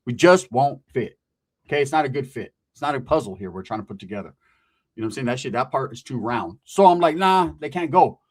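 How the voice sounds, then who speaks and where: A man's voice: medium pitch, animated, quick pace, darkish tone, husky. A man from California telling a crude, rambling story full of slang and asides. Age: adult. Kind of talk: casual comic storytelling.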